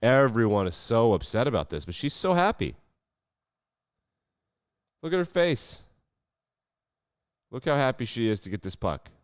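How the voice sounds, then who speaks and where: A man's voice: medium pitch, sing-song, measured pace, pauses often, smooth, dry recording. A man hosting a sports podcast, giving casual commentary full of wry, sarcastic asides. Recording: dull lo-fi dry sound.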